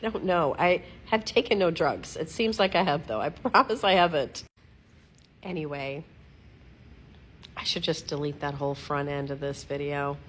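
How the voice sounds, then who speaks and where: A middle-aged woman at home giving a casual, rambling video update, giggling at herself, digressing often and clearing her throat. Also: low voice, normal speed, fairly bright tone, slight background noise. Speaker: vlogger updating followers. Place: at home, lying against her dog.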